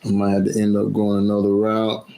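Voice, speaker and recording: A man's voice: on the low side, completely flat delivery, a little fast, dark tone, a little hiss or hum, rough recording. A man hosting his cooking channel's live stream, chatting casually, greeting viewers by name and repeating his phrases over and over.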